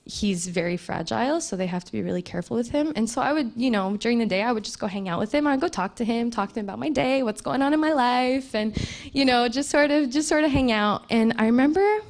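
A woman's voice: fairly high pitch, animated, fast, darkish tone. A young woman giving an earnest, emotional church testimony, full of fillers and restarts. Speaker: missions trip speaker at church. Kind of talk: personal testimony talk.

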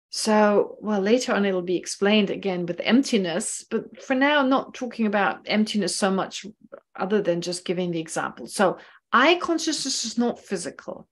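A woman gives an online lecture on Buddhist philosophy in a fairly high voice. She explains patiently and goes back over key phrases so they land. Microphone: online class microphone.

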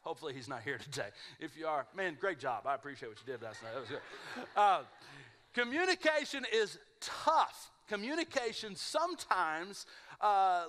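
A man preaching a live church sermon with a bright, forward voice sitting a touch high for a man. He tells stories animatedly and slips into mumbled imitations of other people. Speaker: pastor.

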